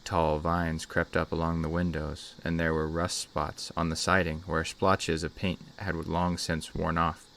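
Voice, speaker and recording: A man with a very deep, low voice reads a scary story aloud. His narration is measured and steady, as a channel host delivering a scripted tale.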